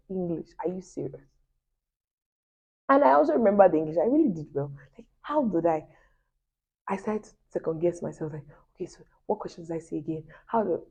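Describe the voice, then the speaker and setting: Low-voiced woman telling stories. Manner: chatty and animated, addresses viewers as guys, laughing asides. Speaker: vlogger. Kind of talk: personal storytelling to viewers. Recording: dull lo-fi recording.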